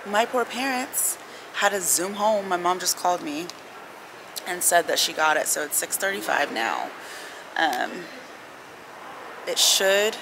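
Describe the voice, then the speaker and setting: A young woman vlogging to camera in an airport terminal, rambling and slangy in a casual chat. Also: low voice. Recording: noisy public terminal. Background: airport announcements and bustle.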